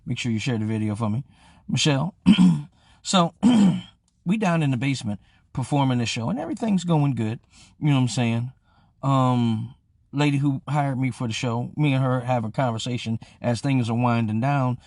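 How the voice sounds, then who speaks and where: The gravelly, medium-pitched voice of a young live-stream host comes through clean studio sound with no room echo, at a moderate pace. He spins a profane, animated story, voicing every character and saying hello to viewers throughout.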